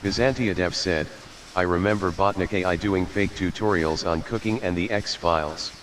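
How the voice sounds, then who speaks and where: A synthetic male voice reading out viewer messages in a flat, even way. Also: sits low, moderate pace, slight background noise. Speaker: text-to-speech reader of chat messages.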